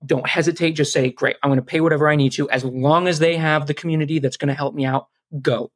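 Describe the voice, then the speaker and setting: A man's voice: fairly high pitch, fairly even intonation, fast talker, no echo. A man from South Carolina, a guest on a podcast, earnestly giving step-by-step advice. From South Carolina, USA. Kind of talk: casual podcast interview.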